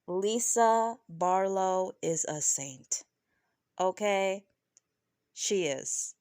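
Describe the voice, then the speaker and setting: A woman reviewing a reality show in casual, opinionated talk, animated and often tagging "right?" onto her points. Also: extremely slow, smooth, dry recording, studio quality. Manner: animated, keeps asking "right?"; laughs often, mimics people in high voices.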